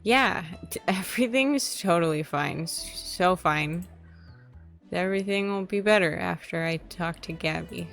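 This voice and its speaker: A woman's voice: on the low side, measured pace, vocal fry, fairly bright tone, faint music behind. Nervous giggly young woman playing a game. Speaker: game player. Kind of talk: reading a visual novel aloud.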